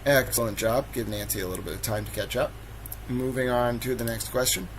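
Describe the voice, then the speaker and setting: A man's voice: medium pitch, brisk, a little hiss or hum, rough recording. A man hosting a trivia game on a livestream, playful and theatrical, hamming up mock outrage. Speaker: livestream host running trivia. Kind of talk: casual livestream chat.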